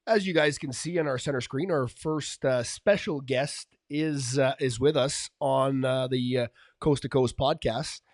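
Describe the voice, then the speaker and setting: A man co-hosting a casual hockey podcast, relaxed and full of fillers. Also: mid-range voice, a little slow. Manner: relaxed, filler-heavy, frequent restarts. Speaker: podcast co-host.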